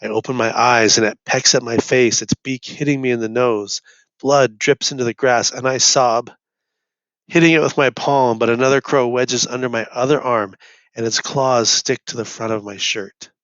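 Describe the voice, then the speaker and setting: A man's voice: medium pitch, fairly even intonation, normal speed, a bit bright, dry recording. Man reading aloud, dull dry recording. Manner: first-person narration, rising to urgent cries. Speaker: reader. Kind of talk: audiobook reading.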